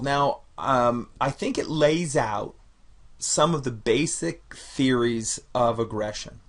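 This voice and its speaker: A man's voice: mid-range voice, a bit bright. Man giving a casual psychology lecture. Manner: conversational, repeats and restarts phrases. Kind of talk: recorded university lecture.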